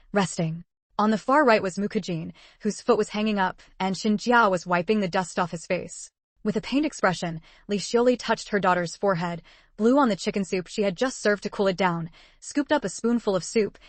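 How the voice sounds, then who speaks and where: Steady woman narrator, dry close sound. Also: medium pitch, dry recording. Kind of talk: scripted story narration.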